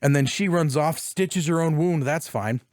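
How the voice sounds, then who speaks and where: A man's voice: a little high, a little mellow, no echo, studio quality. A man on a casual podcast, animatedly retelling a video game story with plenty of swearing and bits of acted-out character lines. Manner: acts out characters with quick voice jumps. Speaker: podcast co-host. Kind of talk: casual chat.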